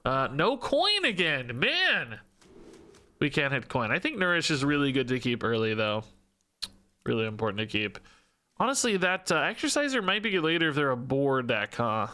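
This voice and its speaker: Bright, clear-voiced male game streamer. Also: medium pitch, big pitch swings, fairly quick. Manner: thinking aloud, self-questioning, joking. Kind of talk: live-stream gameplay commentary.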